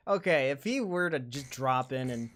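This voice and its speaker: A man streaming a flight game live, joking, greeting viewers and reacting excitedly as he plays. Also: medium pitch, moderate pace, background noise. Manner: joking, excitable, talks to chat. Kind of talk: casual live game commentary. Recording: game music playing behind.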